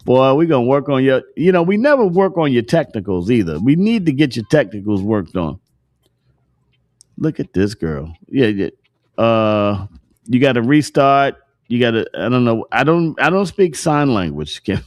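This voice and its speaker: Joking guy hosting a morning stream, cusses, laughs a lot, voice all over the place. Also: a little high. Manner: joking, laughs often, profane slang. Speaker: host. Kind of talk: casual livestream chat.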